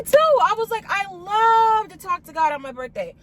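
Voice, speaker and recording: A young woman vlogs about a date in casual slang, gushing and quoting herself in high squeals. She's under the weather and coughs, speaking at a moderate pace with hardly any pauses over a faint hiss or hum.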